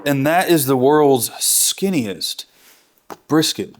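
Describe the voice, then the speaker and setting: An enthusiastic man teaching barbecue as he works, chatty and encouraging. He talks at an ordinary middle pitch, fixing his slips on the fly in a casual, hands-on way. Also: moderate pace. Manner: enthusiastic, chatty, self-correcting. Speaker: barbecue instructor. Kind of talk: real-time cooking tutorial.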